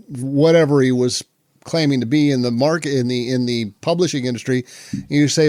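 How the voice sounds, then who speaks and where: Man co-host, casual podcast chat, easygoing, mid-pitched, dry close sound. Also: steady tone, fairly quick, a little mellow, dry recording. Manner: easygoing, chuckling, reacts with short agreements.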